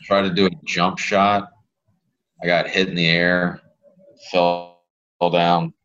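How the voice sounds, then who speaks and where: A man, a physical therapist guest on a podcast, chatting casually and telling rambling, animated stories. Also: low-pitched, slow, highs cut off.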